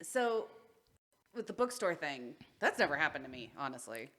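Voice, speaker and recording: A playful young woman co-hosting a podcast, laughing easily as she chats. Her voice is bright and forceful, and her pitch jumps around in a very animated way. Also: normal speed. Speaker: podcast co-host. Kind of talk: casual chat.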